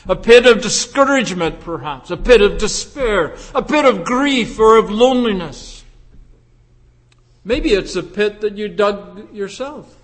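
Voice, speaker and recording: A high-pitched male pastor preaches at a slow, measured pace, pressing the congregation with rhetorical questions. His voice rolls out into the long reverb of a church sanctuary. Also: expressive, fairly bright tone. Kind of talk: sermon. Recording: long reverb in a large hall.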